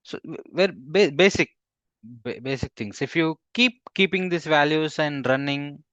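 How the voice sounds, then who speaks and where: Male instructor, mid-pitched, dry dull lo-fi sound, halting delivery with fillers, quizzes the class. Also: fairly bright tone, no echo. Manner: halting, with frequent fillers and restarts. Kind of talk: live coding class.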